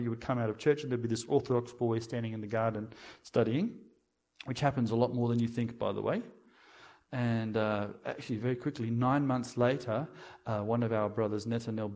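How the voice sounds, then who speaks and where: A middle-aged man speaking as a guest preacher, giving a testimony sermon in an animated way. He swings between loud emphatic lines and quiet asides and keeps checking in with "okay?". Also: mid-range voice.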